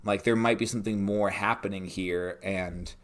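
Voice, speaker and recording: A man's voice: deep voice, steady tone, moderate pace. A young man co-hosting a game master podcast, chatting casually and rambling as he thinks things through. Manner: rambling, filler-heavy, talks it out. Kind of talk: casual chat.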